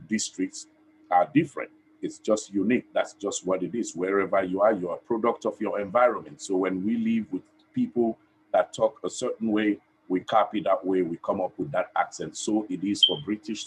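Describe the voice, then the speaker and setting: A man from Sierra Leone with a Sierra Leonean accent, giving earnest, emphatic commentary on a live stream in short, paused phrases. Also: low voice, breathy edge, low-quality recording. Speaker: online TV host and activist. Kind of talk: direct-address commentary.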